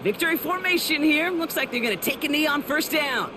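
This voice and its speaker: Brief: energetic football play-by-play announcer, high and bright, loud game noise underneath. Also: female voice. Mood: upbeat. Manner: brisk, energetic play calling. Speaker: play-by-play commentator. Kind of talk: scripted sports commentary.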